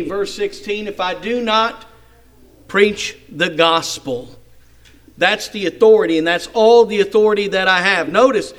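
A man preaching a sermon, reading scripture aloud and explaining it with strong emphasis, at times dropping to a soft voice. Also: very high voice.

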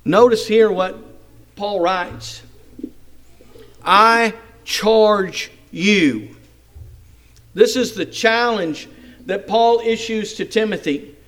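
A man preaching a sermon, reading scripture aloud and explaining it with strong emphasis, at times dropping to a soft voice. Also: sits high, takes it slowly.

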